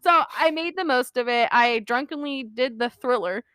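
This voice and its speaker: A young woman chats on a podcast in a high, bright, sharp voice, rambling through a story and giggling mid-sentence. The sound is close and dry, with no room around it. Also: moderate pace, clean tone, no echo. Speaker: podcast co-host. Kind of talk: casual storytelling chat.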